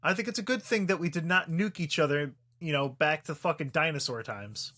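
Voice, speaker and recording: Male podcast co-host, somewhat high voice, deadpan sarcasm. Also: fairly quick. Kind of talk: casual chat.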